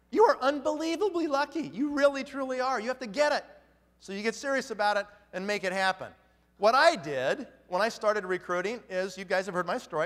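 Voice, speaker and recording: A man's voice: sits high, fairly bright tone, big-room sound. A man giving an emphatic motivational talk at a conference, firing off rhetorical questions. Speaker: motivational speaker.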